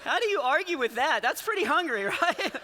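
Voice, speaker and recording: A man's voice: very high voice, very animated, brisk, bright, forceful tone, a little hiss or hum. A man in his forties doing a rambling, self-interrupting stand-up comedy set for a church service, chuckling through his stories. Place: large church auditorium. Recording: long hall reverb.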